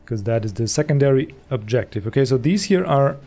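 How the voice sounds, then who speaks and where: A man's voice: mid-range voice, lively intonation, brisk, mellow. A man casually commenting as he plays through a game, chatty and thinking aloud. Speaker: let's play host. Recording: voice over game audio.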